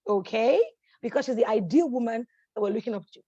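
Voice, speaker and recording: High-voiced woman coaching with energy. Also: fast, no echo, muffled recording. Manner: energetic, encouraging, keeps checking in with the audience; repeats phrases for emphasis. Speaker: life coach hosting a masterclass. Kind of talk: motivational teaching talk.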